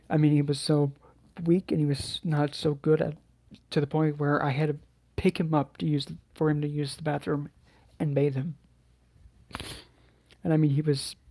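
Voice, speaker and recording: A soft-spoken man recounts a personal story to camera, his voice mellow and dark. He speaks haltingly, restarting phrases and sighing often, and his pitch stays flat and level. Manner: halting, hesitant, with many restarts and sighs. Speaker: channel host.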